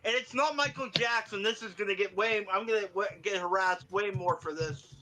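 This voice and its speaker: Bright high-voiced man teasing. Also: fairly quick, poor audio. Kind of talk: joking banter.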